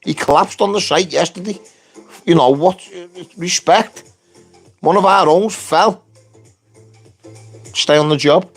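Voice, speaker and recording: A man's voice: sits high, measured pace, long pauses, slightly rough, soft background music. A man, a construction worker and union activist, ranting on a live stream with blunt, heavy swearing. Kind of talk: angry live-stream rant.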